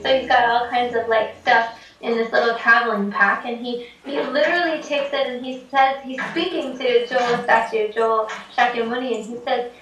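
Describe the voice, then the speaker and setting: A woman's voice: a little high, steady tone, moderate pace, a bit bright, slight background noise. A woman from Tibet casually telling a folk tale, chatty with many fillers and frequent laughs. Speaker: storyteller. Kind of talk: casual storytelling. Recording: echoey room, distant mic.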